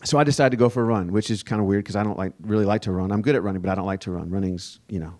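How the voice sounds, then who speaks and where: A male pastor preaching a sermon as a relaxed, conversational personal story. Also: on the low side, racing. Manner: casual, conversational storytelling with fillers.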